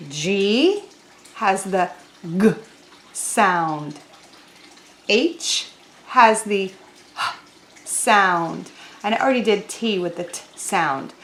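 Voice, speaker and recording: A woman teaching a children's lesson, talking slowly and clearly in a sing-song teacher voice to young kids. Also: medium pitch, very animated, sharp tone. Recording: roomy echo.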